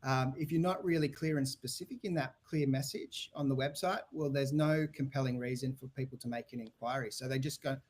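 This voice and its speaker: An Australian man, a website business owner, is a guest on a podcast, answering interview questions about websites and sales. His medium-pitched voice is steady and a bit dark, and he talks briskly with few pauses. He rambles loosely, with frequent restarts and fillers.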